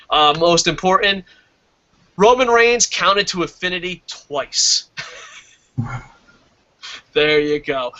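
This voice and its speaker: Guy hosting a wrestling review stream, bright punchy voice, cussing, reading chat, kinda muffled lo-fi sound. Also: sits high. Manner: casual, swearing, reads viewer comments, laughs at own jokes. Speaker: wrestling show host.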